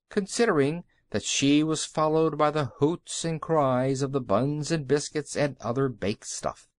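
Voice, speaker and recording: A man narrating a children's audiobook with expressive storytelling. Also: a little high, no echo.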